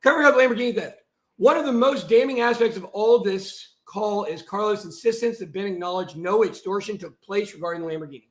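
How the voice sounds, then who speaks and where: A man on a live stream, reading a document aloud and breaking into heated, shouted asides. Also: high voice, fairly quick, echoey room. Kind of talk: livestream monologue reading out a document.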